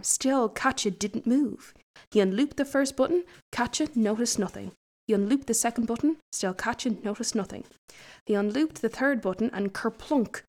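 A woman reads a folk tale aloud with an easy storytelling delivery. Now and then she breaks off for chatty asides. Her voice sits fairly high for a woman. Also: darkish tone. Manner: chatty asides between passages.

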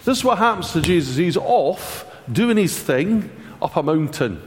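A man giving a sermon, conversational and animated, with wry asides. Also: on the high side, moderate pace, big-room sound. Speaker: preacher.

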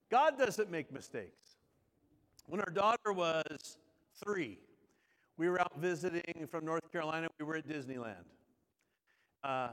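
Male pastor, middle-aged, chatty storytelling sermon; slightly higher voice with a hall echo. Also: a bit bright. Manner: conversational storytelling, asks the congregation questions. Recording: long hall reverb.

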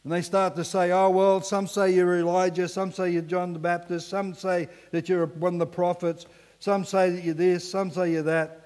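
Male pastor, higher-pitched voice, animated sermon delivery, recorded with long hall reverb. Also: moderate pace. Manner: animated preaching, drops to hushed emphasis, acts out voices. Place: church hall.

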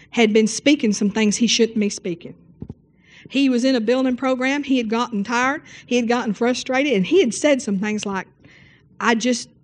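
A woman preacher telling stories in a sermon, often asking "Amen?" between rambling asides. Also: on the high side. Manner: storytelling, repeating "Amen" and fillers.

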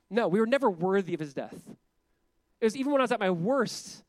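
A man preaching a sermon as pastor, animated and conversational, leaning on emphatic repetition and laughing often as he talks. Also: high-pitched, fairly quick, no echo. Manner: laughs often while speaking.

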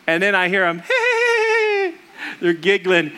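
A pastor delivers a sermon in a fairly high voice at an ordinary pace. He tells a story loosely and conversationally, full of fillers and restarts, and animatedly performs the voices of its characters.

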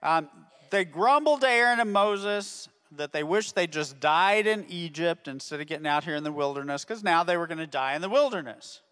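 Animated high-voiced man teaching kids. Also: normal speed, clean tone. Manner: animated, checks in with "okay?" constantly. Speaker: children's ministry teacher. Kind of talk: Bible story lesson for kids. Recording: long reverb of a hall.

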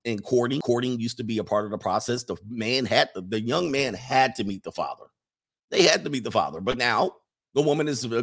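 Male commentator, casual monologue, colloquial, leans on "all right," mocking impressions. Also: medium pitch. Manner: animated, mocking impressions, frequent laughs.

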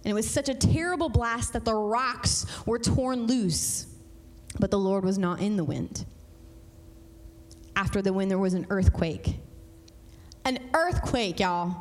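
Female pastor, mid-pitched, emphatic church sermon with long hall reverb. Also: lively intonation. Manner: conversational, emphatic, swings between fast and slow. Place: church sanctuary.

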